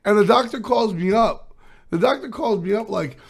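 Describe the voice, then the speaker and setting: Hoarse young guy rambling to his chat, gravelly and a bit high. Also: normal speed. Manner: rambling, filler-heavy storytelling. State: hoarse, recovering voice. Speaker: esports caster streaming to chat. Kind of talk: casual chat with live chat.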